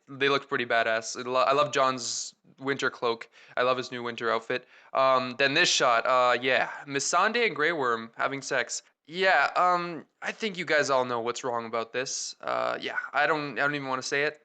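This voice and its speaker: A young man hosting his own video, giving a casual, enthusiastic breakdown of a trailer full of ums and excited asides. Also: mid-range voice, smooth. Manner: chatty, filler-heavy, enthusiastic. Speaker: video host.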